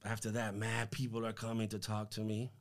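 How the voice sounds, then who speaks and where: A man giving a casual faith testimony as a podcast guest, slangy and animated, acting out what people said to him. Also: fairly low pitch, brisk. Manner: animated, slangy, acts out quoted dialogue.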